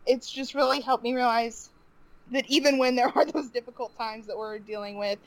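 A woman's voice: on the high side, fairly even intonation, no echo, poor audio. Emotional woman telling a personal story. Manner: emotional, halting, laughs often. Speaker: podcast guest.

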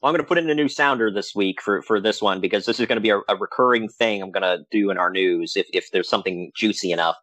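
A man co-hosting a podcast, telling stories in a casual, animated way with frequent laughs. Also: on the low side, fast, few pauses, dry recording. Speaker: podcast co-host. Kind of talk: casual chat.

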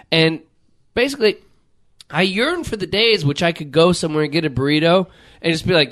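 A man's voice: on the high side, expressive, fast, a bit bright. A man hosting a casual chat, ranting with lots of swearing and putting on voices when he quotes people. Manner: profane, exasperated ranting with mock-voiced quotes.

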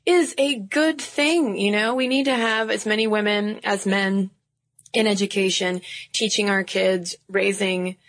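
A woman's voice: medium pitch, steady tone, unhurried, no room sound. A woman co-hosting a podcast, earnest and playful in casual chat. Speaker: podcast co-host.

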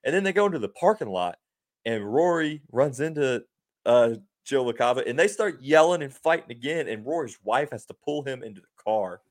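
Recapping games with plenty of fillers and laughter, this male sports podcast host keeps things casual and upbeat. He speaks a little fast in an animated, mid-range voice.

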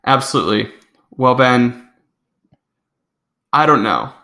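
Gravelly, bright-toned man chatting. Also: medium pitch, animated, slow. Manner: rambling, self-correcting. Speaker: podcast co-host. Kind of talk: casual chat.

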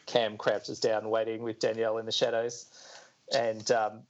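A man's voice: on the low side, monotone, normal speed. A man co-hosting a podcast, retelling a comic scene by scene in casual chat. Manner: retells scenes and reads the lines aloud. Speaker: podcast host. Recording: dull lo-fi recording.

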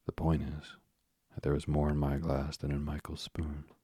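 A man's voice: very deep voice, completely flat delivery, normal speed, mellow, slightly rough, no room sound, clean studio sound. A man voicing a proud, pompous father who blusters and sulks like a child. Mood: blustering. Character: pompous proud father, sulking over medicine.

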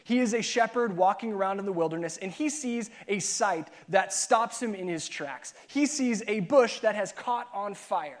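High-voiced, self-mocking youth pastor. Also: male voice, moderate pace, few pauses. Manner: animated, self-mocking, acts out voices in the story. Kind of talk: sermon with a funny story.

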